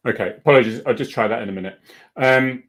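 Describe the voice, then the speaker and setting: A man's voice: medium pitch, fast talker. A man hosting a casual live video chat, chatty and self-deprecating and laughing often. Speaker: host.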